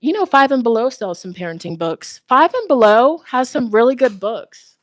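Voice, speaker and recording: A tarot reader and spiritual host chats casually with her livestream viewers while walking around at home, out of breath, giggly and talkative. Her voice is on the high side with lively intonation at a moderate pace, held close to her phone microphone with no echo.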